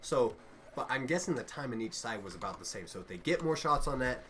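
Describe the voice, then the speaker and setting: A man casting a video game match live, excitable and jokey, often trailing off mid-sentence. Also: mid-range voice, fairly quick, music in the background. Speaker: esports caster. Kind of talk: live play-by-play commentary.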